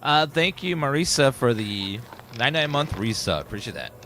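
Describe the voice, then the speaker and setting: A man's voice: medium pitch, sing-song, moderate pace, fairly bright tone, slight background noise. A man streaming a video game live, casually thinking aloud and reading out the gear he finds. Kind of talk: casual live gameplay commentary. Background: game music.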